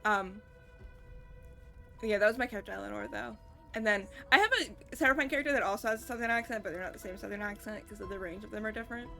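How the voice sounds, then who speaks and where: A woman streamer talks casually while she plays a game. Her voice is bright and forward, and she rambles with lots of fillers. Faint music sits behind her. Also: mid-range voice, quick pace, gravelly. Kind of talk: casual gameplay chat.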